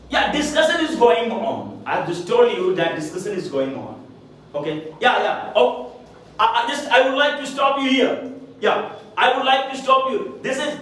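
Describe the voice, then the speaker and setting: Echoey, slow-drilling Indian English teacher. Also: male voice, high-pitched, a bit bright, recorded from a distance, slight background noise. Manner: repetitive, drilling phrases with rhetorical checks. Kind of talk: spoken English lesson. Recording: very echoey room, voice from afar.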